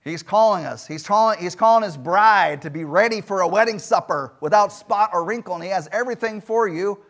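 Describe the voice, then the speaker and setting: High-voiced man preaching a sermon. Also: fairly quick, few pauses. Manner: emphatic preaching with rhetorical questions and sudden loud swings. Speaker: pastor. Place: church sanctuary.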